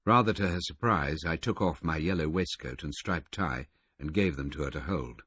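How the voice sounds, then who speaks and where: A man narrating a first-person audiobook with a husky voice and a measured, understated delivery. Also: extremely low pitch, a bit bright, dry recording. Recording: muffled lo-fi recording.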